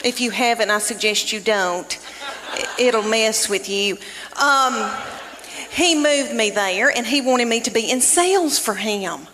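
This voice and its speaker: A woman's voice: a little high, animated, a little slow, background noise. A woman, telling folksy, self-mocking stand-up stories. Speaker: stand-up comedian. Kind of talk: stand-up storytelling.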